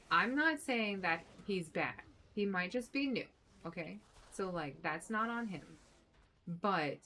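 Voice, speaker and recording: A woman streamer giving casual, excitable gameplay commentary, chatty and blunt, with some mild swearing. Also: mid-range voice, slight background noise, rough recording. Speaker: game streamer.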